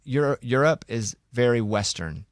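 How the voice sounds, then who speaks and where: A man's voice: medium pitch, animated, moderate pace, no room sound, studio quality. A young man hosting a podcast in casual chat, playful and joking. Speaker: podcast host.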